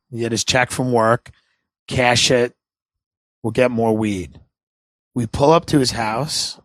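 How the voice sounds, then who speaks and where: A man hosting a podcast, telling rambling stories in casual chat, animated and laughing, slipping into silly voices for his friends. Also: mid-range voice, takes it slowly, long pauses, dry recording. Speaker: podcast host.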